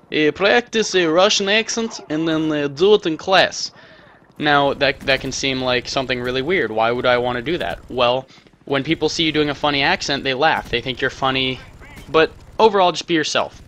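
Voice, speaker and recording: A young American man chats loosely over his gameplay, drifting between advice and jokes at his own expense. His voice sits at an ordinary pitch but rings bright and forward. A faint hiss runs underneath. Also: brisk. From United States. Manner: rambling, self-mocking jokey asides. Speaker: gaming commentator. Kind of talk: casual gameplay commentary.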